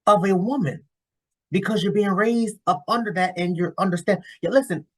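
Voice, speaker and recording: Husky man in blunt reaction commentary. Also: high-pitched, moderate pace. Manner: blunt, cursing, rambling with restarts. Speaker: YouTube commentator reacting to a clip.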